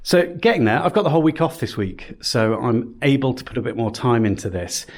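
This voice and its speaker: A man's voice: medium pitch, lively intonation, brisk, a little mellow, reverberant. A man chatting casually on a home vlog while renovating his house, rambling and self-deprecating. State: out of breath. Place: house under renovation, indoors.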